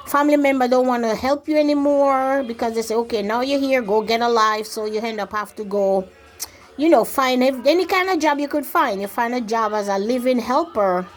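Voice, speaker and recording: A woman telling a personal story in a rambling, casual way, acting out what people said along the way. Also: fairly high pitch. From grew up outside the country she now lives in. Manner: rambling, quotes herself and others in lively acted-out voices.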